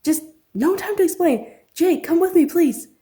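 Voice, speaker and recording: A man's voice: high voice, brisk, darkish tone. Woman voicing frantic guilt-ridden young man. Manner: urgent, breathless pleading.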